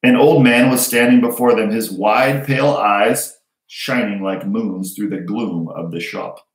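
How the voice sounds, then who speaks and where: A man with a fairly low voice reads a novel aloud to his class in a steady, unhurried way. The recording carries a roomy echo around him. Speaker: teacher. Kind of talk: reading a novel aloud to students.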